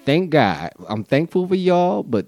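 A man's voice: on the high side, very animated, a little slow, darkish tone, no echo. A man hosting his own podcast, talking in a loose, rambling and profane comedic monologue. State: high on mushrooms. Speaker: podcast host.

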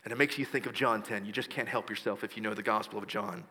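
A male pastor preaching a sermon, retelling scripture scenes in a hushed storytelling voice. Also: fairly low pitch, fairly even intonation, quick pace, breathy edge. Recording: long hall reverb.

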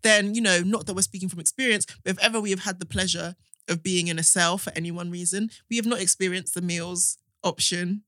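Young co-host, jokey and giggly, bright tone, dry close mic. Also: female voice, on the low side, steady tone, brisk, no echo. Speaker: podcast co-host. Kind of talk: casual chat.

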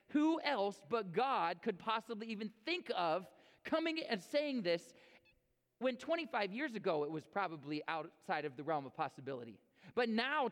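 A man preaching a sermon as pastor, reading scripture and then speaking with energetic repeats and stumbles. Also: high voice, long reverb tail. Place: church sanctuary.

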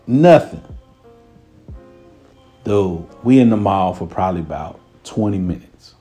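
Animated man telling a comic story. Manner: animated, swings between loud quoted voices and low asides. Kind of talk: stand-up style storytelling.

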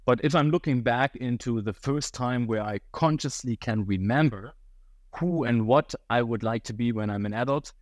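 A man's voice: medium pitch, no room sound. German-accented man, dry close sound. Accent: German, with a touch of Cork Irish. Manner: relaxed and reflective, slightly non-native phrasing. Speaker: podcast guest. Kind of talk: casual interview talk.

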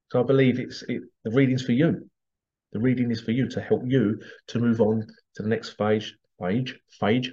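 A man's voice: medium pitch, darkish tone, husky. A man, a psychic medium hosting a casual monologue, chatty, laughing often and acting out the voices he quotes. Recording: dull lo-fi sound.

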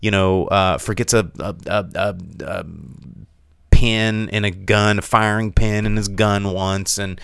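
A man's voice: fairly low pitch, unhurried, creaky, clear, resonant tone, no echo, clean studio sound. A man hosting a casual podcast chat, rambling through a film review with lots of fillers and a sarcastic, mocking edge. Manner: animated, mocking delivery.

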